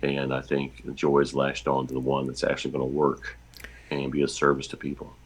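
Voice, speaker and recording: A man chatting casually as a regular guest, talking in a halting, self-deprecating way. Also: a bass voice, monotone. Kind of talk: casual chat.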